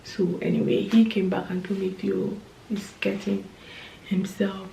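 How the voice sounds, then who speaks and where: A woman telling an emotional story in a storytime vlog, tearful at times and dropping to soft whispers. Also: medium pitch, flat delivery, measured pace, creaky, reverberant, a little hiss or hum. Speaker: vlogger, new mother.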